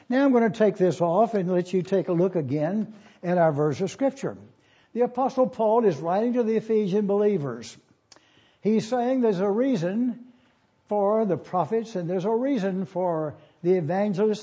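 A pastor teaching a Bible lesson, spelling out words letter by letter and repeating key phrases slowly. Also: male voice, sits high, mellow. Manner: slow, deliberate, spells out Greek words letter by letter. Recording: dull lo-fi sermon recording.

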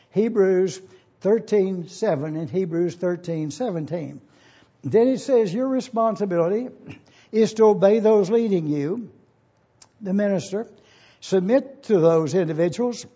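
A man preaching as a pastor, teaching in a deliberate, explanatory way and repeating his key phrases. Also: high-pitched, warm tone, slightly rough, lo-fi sound. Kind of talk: sermon teaching.

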